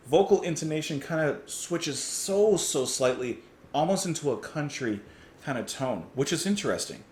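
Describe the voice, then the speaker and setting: A man's voice: mid-range voice, roomy sound, a little hiss or hum. A man hosting a casual music reaction, talking enthusiastically, often chuckling and thinking aloud with fillers.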